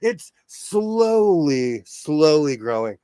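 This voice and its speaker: Slow-talking man with a dry close sound. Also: a little high, very animated, mellow, clear, resonant tone, no echo. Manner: easygoing, laughs often. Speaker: sewing livestream host. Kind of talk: casual chat. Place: home sewing room.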